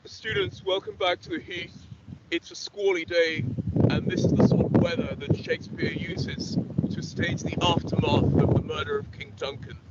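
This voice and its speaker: Male teacher outdoors, talking straight to students, loud wind buffeting a dull mic. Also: high voice, very animated, moderate pace. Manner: addresses students directly, sets the scene. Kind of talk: outdoor lesson to camera. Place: outdoors on a windy heath.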